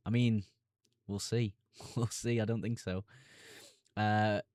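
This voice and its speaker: A fantasy football streamer from Sunderland in North East England speaks with a Mackem accent in a low, dry, slightly mellow voice with no echo. During a live stream Q&A, he reads chat questions aloud and answers them briskly. His delivery is flat but casual and chummy.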